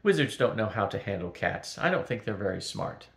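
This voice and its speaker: An older man voicing a smug male talking cat in a storybook reading, a bit lower and softer than his narration, in a roomy recording. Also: sing-song, brisk, gravelly, heavily acted.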